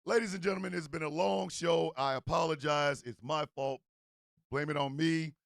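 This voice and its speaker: A man's voice: on the high side, steady tone, moderate pace, creaky, dry recording. A man hosting a morning talk show, signing off with rambling, heartfelt thanks to his listeners. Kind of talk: casual sign-off chat.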